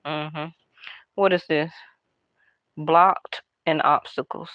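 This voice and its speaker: A woman doing a casual tarot card reading, talking in a hushed, half-whispered, chatty way to her viewers. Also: low voice, fairly even intonation, slow pace, no room sound, dull audio. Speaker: tarot reader.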